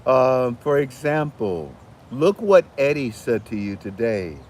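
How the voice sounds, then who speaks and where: Outdoors among chickens, a channel host rambles casually to viewers, restarting often and chatting to the chickens. His medium-pitched voice is sing-song, slow, and darkish in tone, with slight background noise.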